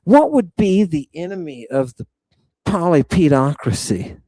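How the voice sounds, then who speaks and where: A man in middle age hosts a live chat stream, jumping from comment to comment with loud, profane enthusiasm. His voice sits a bit higher than most men's and comes across close and dry, with no room echo. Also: a little slow. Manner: excitable, profane, riffing on viewer comments. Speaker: livestream host reading chat.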